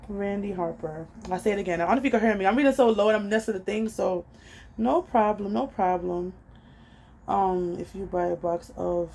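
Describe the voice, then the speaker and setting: A woman's voice: on the low side, gravelly, warm tone, slight background noise, rough recording. A young adult woman vlogging casually at home. She chats loosely, reads viewers' comments aloud and scolds her daughter between thoughts. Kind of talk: casual chat.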